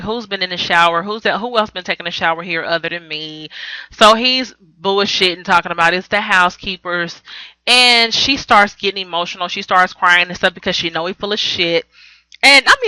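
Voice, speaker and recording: A woman's voice: lowish voice, bright, forceful tone, clear, resonant tone, no echo, poor audio. A woman recapping a reality TV episode on her vlog, blunt and profane, rambling and correcting herself as she goes. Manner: blunt, profane, sassy commentary; rambling with frequent self-corrections. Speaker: TV recap vlogger.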